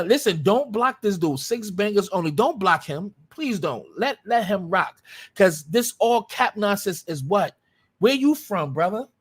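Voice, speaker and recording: A man's voice: high voice, fairly bright tone, husky. A man hosting a livestream and speaking in a heated, combative way. He swears freely and hammers his points home by repeating them. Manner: combative, profane, repetitive. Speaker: live stream host.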